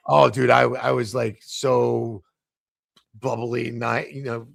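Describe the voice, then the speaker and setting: A middle-aged man, a podcast guest, telling animated anecdotes and acting out the dialogue in shifting voices. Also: medium pitch, takes it slowly, creaky, no echo, clean studio sound. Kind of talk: casual storytelling in a podcast interview.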